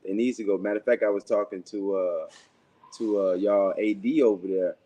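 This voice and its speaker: Low, mellow man. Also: moderate pace. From Pensacola, Florida. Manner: relaxed, says "you know what I'm saying" often. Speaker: guest, former pro baseball player. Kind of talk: casual interview.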